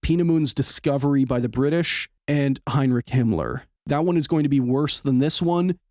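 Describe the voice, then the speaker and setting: A man's voice: medium pitch, moderate pace, a little mellow, no room sound, studio quality. A man hosting a podcast in casual chat, blunt and rambling, swearing freely. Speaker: podcast host.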